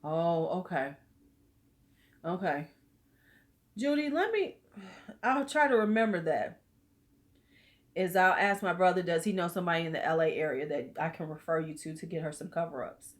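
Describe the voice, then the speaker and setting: A woman's voice: on the low side, lively intonation, moderate pace, pauses often. A middle-aged woman hosting a casual live chat, talking loosely and bawdily and laughing along with her viewers. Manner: chatty, loose and bawdy, laughing with commenters. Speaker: host of a live beauty chat.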